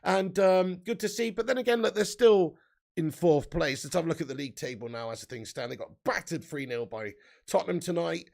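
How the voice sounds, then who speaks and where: A man's voice: a little high, expressive, fairly quick, vocal fry, a little mellow. A man hosting a casual live football stream, chatting, reading the live chat aloud and laughing often.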